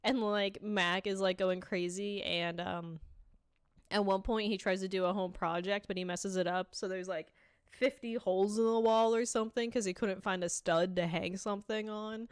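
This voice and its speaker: Recapping a sitcom on a podcast, this co-host has a smooth, mid-range voice and talks at normal speed. Her casual retelling is animated, full of acted-out quotes and frequent "like" fillers.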